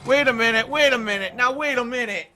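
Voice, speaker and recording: A man protests loudly at what a game shows him, repeating himself in disbelief. His voice runs high, and game music plays under him. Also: fast. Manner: indignant, exclaiming, repeating himself. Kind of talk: gaming reaction commentary.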